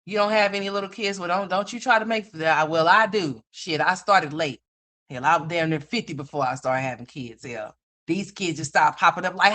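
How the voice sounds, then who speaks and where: A woman's voice: on the low side, very animated, moderate pace, sharp tone. A woman in her fifties hosting a livestream, telling blunt, profane stories to her chat and laughing at her own jokes. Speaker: livestream host. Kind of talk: casual profane storytelling to a live chat.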